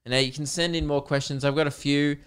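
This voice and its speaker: A man's voice: a little high, steady tone, fast, a bit bright, clear, resonant tone. A young man hosting a solo podcast, telling stories in a rambling, casual way with lots of fillers and swearing. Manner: rambling, chatty storytelling with frequent fillers and swearing. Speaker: podcast host.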